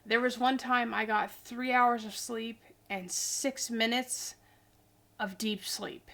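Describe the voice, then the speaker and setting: A woman's voice: a little high, fairly even intonation, slow, fairly bright tone. A woman in her forties, a tired and chatty vlogger talking casually in a rambling, goofy way. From Idaho, US. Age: 40s. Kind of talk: casual chat.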